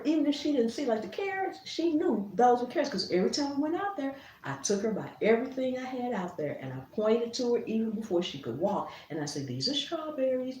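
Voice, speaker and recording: Laughing, animated woman gardening vlogger. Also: on the high side, a little hiss or hum. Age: middle-aged. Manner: laughs often, animated storyteller. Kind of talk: casual storytelling to camera. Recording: roomy, a bit distant.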